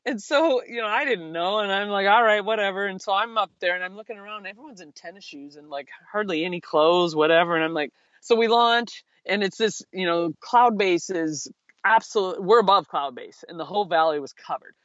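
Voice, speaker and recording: A man's voice: high voice, brisk, a bit bright, no room sound, muffled recording. A man telling a story in a casual interview, laughing often and acting out his past self in a raised voice. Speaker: guest, paraglider.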